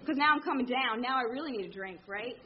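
A woman telling her recovery story to a meeting, candid and animated, acting out the people in it. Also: fairly high pitch, fast talker, muffled recording, crowd noise. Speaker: speaker sharing at a recovery meeting. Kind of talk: personal story told to a meeting.

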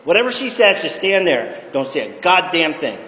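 A man's voice: fairly high pitch, very animated, moderate pace, pushed and bright. A middle-aged man giving blunt, profane personal testimony at a recovery meeting, often checking in with the room. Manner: emphatic, blunt and profane, keeps checking in with "okay?". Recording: echoey hall with long reverb.

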